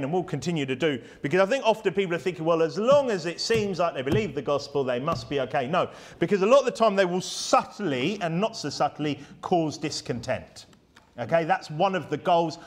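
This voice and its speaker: A man delivers a sermon in a church, his fairly high voice rising and falling with lots of movement. He speaks to the congregation casually and often ends his points with rhetorical questions. The delivery is animated and chatty. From United Kingdom. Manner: conversational, rhetorical tag questions, lively. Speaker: preacher. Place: church hall.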